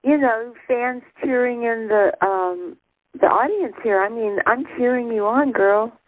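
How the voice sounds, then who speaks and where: A woman on a spiritual call-in show, warmly encouraging the caller and guiding everyone through deep breaths. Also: a little slow, dry recording. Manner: encouraging, guides group breathing. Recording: tinny phone line.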